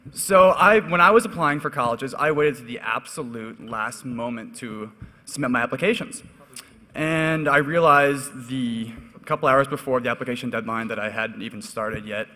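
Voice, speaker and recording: A young man on a conference panel, telling a relaxed, self-deprecating story to the audience. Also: medium pitch, moderate pace. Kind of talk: anecdotal storytelling on stage. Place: conference hall stage. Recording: echoey hall.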